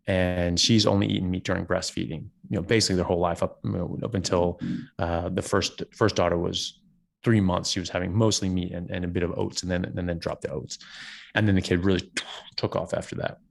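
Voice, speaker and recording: A man who is a doctor, a guest on a podcast interview, telling stories in an animated way with frequent restarts. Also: low voice, brisk, creaky. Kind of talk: casual interview conversation.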